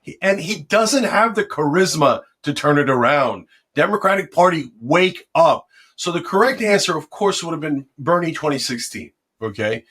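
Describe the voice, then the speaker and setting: Middle-aged man, passionate and combative, somewhat high-pitched, interview guest. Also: animated, moderate pace, fairly bright tone, husky. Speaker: political commentator considering a run for office. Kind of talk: interview conversation.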